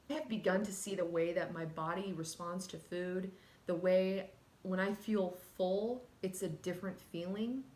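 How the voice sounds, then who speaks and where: A woman talking candidly and earnestly in a personal vlog, emotional at times and casual with fillers. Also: lowish voice. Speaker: vlogger. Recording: echoey room.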